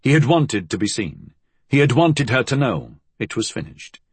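A man reading a novel aloud as scripted audiobook narration, in a measured, even storytelling manner. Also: medium pitch, slightly rough, dry recording.

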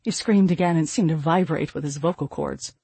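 A man reading a first-person fantasy novel aloud in a steady storytelling voice. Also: on the high side, a little fast, vocal fry, breathy edge, no echo. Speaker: audiobook narrator.

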